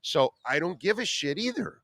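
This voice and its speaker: A man hosting a sports radio show, talking bluntly and swearing freely as he tells animated stories. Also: a little high, normal speed, dry recording, studio quality. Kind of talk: casual sports talk.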